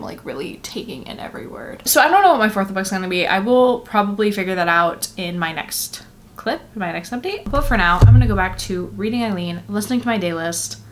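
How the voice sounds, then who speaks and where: A young woman giving a casual book vlog from her apartment, tired from little sleep, rambling with many fillers and quick laughs. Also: mid-range voice, a little hiss or hum. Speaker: book vlogger. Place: apartment at home.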